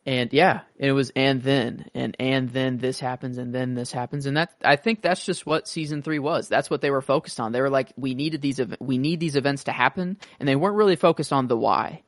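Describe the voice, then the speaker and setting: In a clean, dry studio recording, a male podcast co-host chats casually in a mid-range voice that runs a little fast with hardly any pauses. His talk wanders, full of false starts and filler words.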